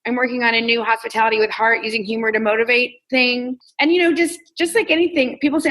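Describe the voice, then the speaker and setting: A woman's voice: fairly high pitch, fast talker, hardly any pauses, poor audio. A woman from Texas, a comedian and coach talking candidly as an interview guest and acting out her own self-talk. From Texas, US South. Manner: candid, animated, acts out quoted self-talk. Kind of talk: casual interview conversation.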